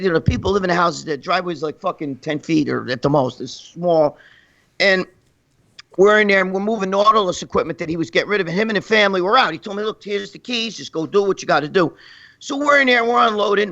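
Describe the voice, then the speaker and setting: Bright, high-voiced New man rambling. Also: lively intonation, fast talker, dull audio. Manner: profane, rambling, laughing through stories. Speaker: guest storyteller. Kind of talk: crude comic anecdote.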